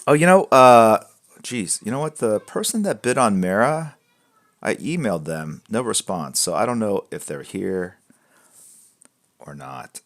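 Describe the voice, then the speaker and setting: A man hosting a live drawing stream, chatting in a relaxed, rambling way and answering viewer questions, often dropping to a soft mutter. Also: on the low side, a little slow. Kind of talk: casual chat with viewers while drawing.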